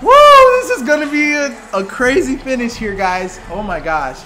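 A man giving excited live commentary while playing a basketball video game, reacting emotionally to every play. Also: very high voice, normal speed, heavy background noise. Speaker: gaming commentator.

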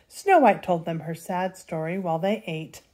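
An older woman reading a children's story aloud as narrator, lively and expressive. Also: lowish voice, normal speed. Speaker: storybook reader.

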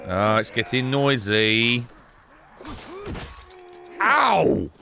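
Excitable man commentating gameplay. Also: medium pitch, drawn-out words, gravelly. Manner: excitable, bursts of laughter and shouting, swearing. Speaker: gaming streamer.

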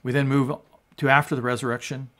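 A male pastor giving a sermon and reading scripture, emphatic and rising to loud peaks on quoted lines. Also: mid-range voice, little pitch movement, fast. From United States.

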